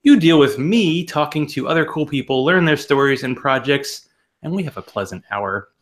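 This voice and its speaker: A man's voice: fairly high pitch, lively intonation, moderate pace. A man hosting an interview podcast, delivering a playful, exaggerated intro and joking with his guest. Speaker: podcast host.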